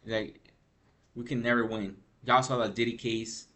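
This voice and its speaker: A man's voice: mid-range voice, steady tone, a little slow, a bit bright. Tired man ranting casually about games. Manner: rambling, slangy, frequent "bro" and "freaking". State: tired from lack of sleep. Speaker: gaming news vlogger.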